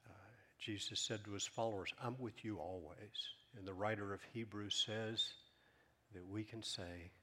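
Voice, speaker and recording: A man preaching a sermon as pastor, emphatic, rising loud then dropping to a hush. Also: on the low side, fairly even intonation, normal speed, slight background noise. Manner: emphatic, swings from loud to hushed.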